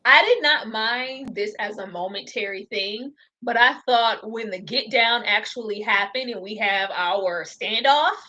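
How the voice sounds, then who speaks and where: Lively high-voiced woman laughing through a review. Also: measured pace, few pauses, muffled recording. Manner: animated, laughs often, acts out characters. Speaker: co-host of a TV review show. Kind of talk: casual review chat.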